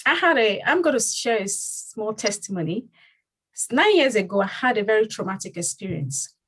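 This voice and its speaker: A woman's voice: medium pitch, very animated, normal speed, a bit bright, breathy edge, low-quality recording. A woman who leads her community and hosts a panel discussion. She speaks earnestly and repeats phrases for emphasis. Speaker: community leader and host.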